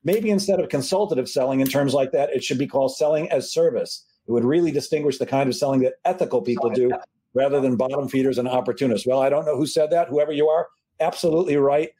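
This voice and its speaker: Fast-talking, husky-voiced male host. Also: medium pitch, mellow. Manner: quick, joking, self-deprecating. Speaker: podcast host. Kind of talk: casual interview chat.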